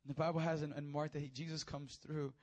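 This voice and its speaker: A man preaching a sermon, telling stories with animated energy and stammered repeats. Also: on the high side, fast talker.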